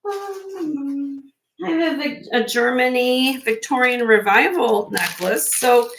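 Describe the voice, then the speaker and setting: In a high voice and at a slow pace, a Midwestern woman hosts a live-stream vintage jewelry sale. She's effusive and chatty as she shows each piece off. The recording is low quality.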